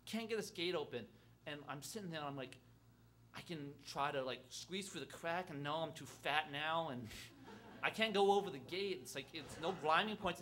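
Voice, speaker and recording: A man telling a personal story on stage at a live storytelling event, halting and self-deprecating, with lots of fillers and restarts. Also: on the high side, fairly bright tone, a little hiss or hum.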